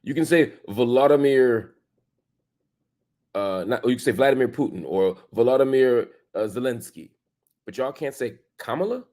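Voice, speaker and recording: At a moderate pace and with a darkish tone, a man hosting an opinion show makes his case emphatically. He poses rhetorical questions, uses casual slang, and leaps in pitch to stress words.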